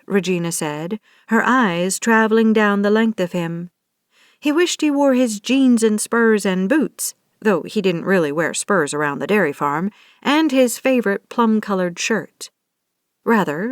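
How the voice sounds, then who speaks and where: A woman narrating a romance audiobook in a steady, scripted reading. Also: mid-range voice, no room sound, studio quality.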